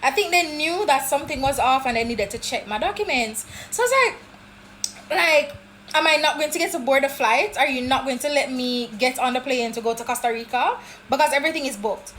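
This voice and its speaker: A Jamaican woman vlogging about her travels, telling stories in a chatty, animated way. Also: high voice, fairly quick, slight background noise. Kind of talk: casual travel vlog chat.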